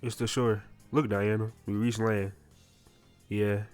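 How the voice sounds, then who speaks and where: A man reading the lines of a young male comic hero, grim and determined, in his own low voice. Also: flat delivery, slow pace, darkish tone, faint music behind. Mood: resolute.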